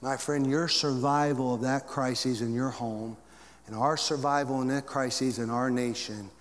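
A male pastor preaching a sermon to his church, with big swings in pitch and volume. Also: steady tone, normal speed, in a large hall.

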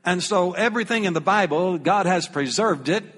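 Folksy Southern preacher in a hall. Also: male voice, high-pitched, normal speed, fairly bright tone, breathy edge. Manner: folksy, humorous, reads scripture aloud. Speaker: pastor. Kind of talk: sermon.

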